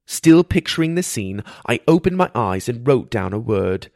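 A man narrating a first-person fantasy audiobook in a steady storytelling read. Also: medium pitch, normal speed, creaky, dry recording, studio quality.

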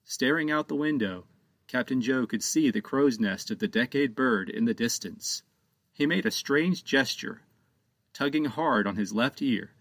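A man's voice: medium pitch, vocal fry, a bit bright, dry recording, studio quality. A man reading his own children's book aloud as an audiobook narrator.

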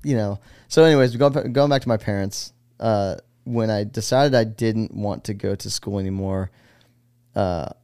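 A man's voice: fairly low pitch, normal speed, dark tone, smooth, no room sound, studio quality. A man in his forties from the United States, a guest on a casual interview podcast, telling stories in a rambling, laid-back way full of fillers. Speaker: guest, pro BMX rider.

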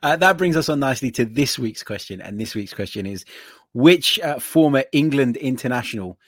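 A man hosts a podcast in a steady, easygoing way, reading questions out and chiming in briefly. His pitch is average, and the sound is dry and close. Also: brisk, no room sound. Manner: steady, reads questions out, brief encouraging replies. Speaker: podcast host. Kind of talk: casual podcast hosting.

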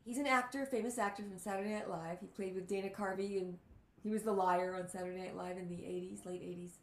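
A woman telling a story in a casual chat, animated, with quick asides and gushing reactions. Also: medium pitch. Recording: roomy echo.

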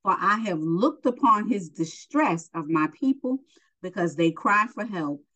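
A woman's voice: lowish voice, rough recording. A woman teaching a Bible lesson, reading scripture aloud and stopping to explain it in casual asides.

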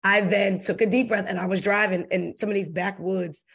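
A woman's voice: mid-range voice, fairly even intonation, vocal fry, fairly bright tone, breathy edge. A middle-aged woman in casual conversation on a podcast, telling reflective stories in a chatty way. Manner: chatty, quick bursts of reflective storytelling. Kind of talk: casual chat.

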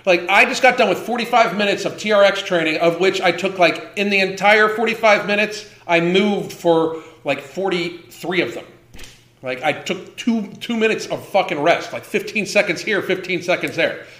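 A man's voice: sits high, moderate pace, sharp tone, reverberant. A man in his fifties hosting a livestream, ranting with heavy swearing and emphatic repetition. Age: 50s. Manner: profane, heated, emphatic repetition. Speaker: host.

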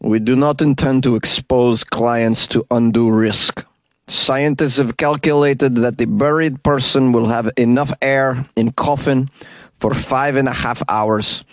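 A man's voice: mid-range voice, fairly even intonation, dry recording, close to an everyday voice. A man putting on a stiff Russian-accented spokesman. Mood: formal. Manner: slow, formal, deliberately clumsy accent.

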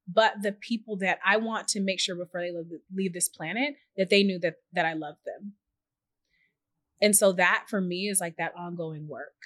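A woman's voice: mid-range voice, no room sound. A woman guest on a podcast, talking earnestly and reflectively, acting out little quoted messages as she tells her stories. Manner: earnest, warm-hearted storyteller who acts out little quoted messages. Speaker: podcast guest, journalist and founder. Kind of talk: reflective conversational interview.

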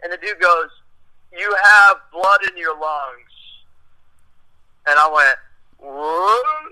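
A man's voice: high voice, expressive, slow pace, sharp tone, low-quality recording. A middle-aged man telling a rambling, profane story in a casual chat, acting out what people said. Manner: profane, rambling, acts out quotes.

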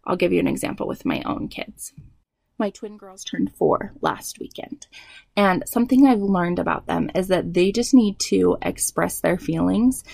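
A woman in her thirties giving parenting advice, explaining tips clearly and slipping into quoted dialogue. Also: mid-range voice, no echo. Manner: warm explanatory, acts out quoted dialogue with kids. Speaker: parenting educator. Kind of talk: advice talk.

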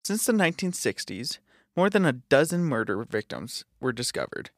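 A man's voice: medium pitch, very animated, moderate pace, no room sound, studio quality. A man co-hosting a podcast, casually reading spooky forest history aloud with offhand asides. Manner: reads aloud with asides and swearing. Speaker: podcast co-host. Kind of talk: casual reading of ghost stories.

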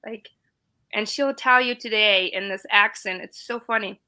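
A mid-range female voice at a moderate pace comes through poor audio. She's in her forties, from East Germany, and joins a casual live-stream chat as a veteran guest, recounting stories with animation and plenty of laughs.

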